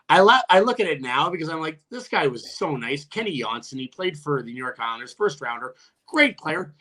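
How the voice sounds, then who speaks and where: Brief: male podcast guest, ex-athlete, bright, somewhat high voice, profane and laughing. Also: sing-song, moderate pace. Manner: profane, laughing storyteller with many restarts; jumps much higher when quoting his own taunts. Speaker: guest, retired hockey player. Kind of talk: casual podcast storytelling.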